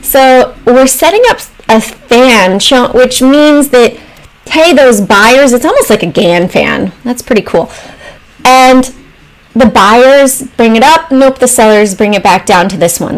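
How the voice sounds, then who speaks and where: A woman with a fairly high voice hosts a casual stock trading livestream. She walks through charts, thinking aloud with pauses and trailing phrases. Now and then she breaks off to answer messages from viewers in the chat. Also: low-quality recording.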